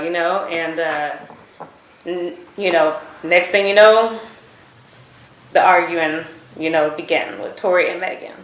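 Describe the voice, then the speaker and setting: A woman's voice: lowish voice, fairly even intonation, slow pace. A woman giving a recorded statement, retelling events hesitantly with many fillers. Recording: echoey room recording.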